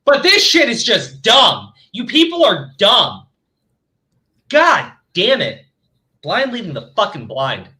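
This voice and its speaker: Man ranting with high, swooping, bright voice. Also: huge pitch swings, slow pace. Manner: angry, swearing, ranting. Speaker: commentary channel host. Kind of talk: profane reaction commentary.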